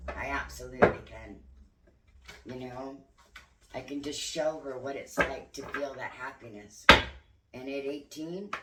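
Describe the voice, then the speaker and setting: Older grandma lady, bright tone, earnest spiritual chat, echoey room, kinda far from the mic. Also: extremely low pitch, very noisy. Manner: candid, earnest, occasionally swears. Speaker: spiritual vlogger. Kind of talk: reflective spiritual talk. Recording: roomy sound, voice away from mic.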